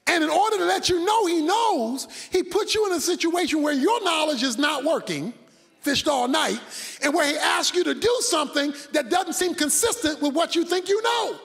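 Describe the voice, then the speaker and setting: A man preaching a sermon, dramatic, swinging between loud shouts and hushed asides. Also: very high-pitched, animated, normal speed, vocal fry, long reverb tail.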